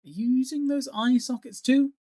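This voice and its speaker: A man voicing a sharp, defiant young female elf warrior who snaps back at her enemy. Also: high voice, wildly swooping pitch, unhurried, dry recording, studio quality, pitched above the performer's own voice, exaggerated voice. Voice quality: snappish, defiant.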